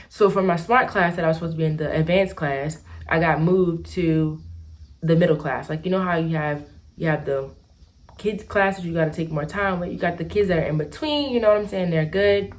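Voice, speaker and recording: A woman's voice: on the low side, moderate pace. Chatty young woman telling a storytime. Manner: chatty and rambling, full of "like" and "y'all". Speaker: vlogger. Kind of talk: casual storytime while doing makeup.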